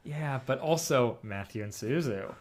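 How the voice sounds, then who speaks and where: A man co-hosting a casual podcast chat, animated and theorizing, talking fast in bursts. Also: medium pitch. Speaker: podcast co-host.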